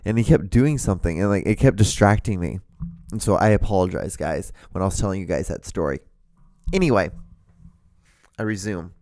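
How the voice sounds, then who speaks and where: A man's voice: low voice, fairly quick, long pauses, a little mellow, no room sound. A man hosting his own podcast, telling a rambling story casually from his room, swearing a lot and filling gaps with "like" and "you know.". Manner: rambling, profane, lots of fillers. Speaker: podcast host. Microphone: talking to a camera.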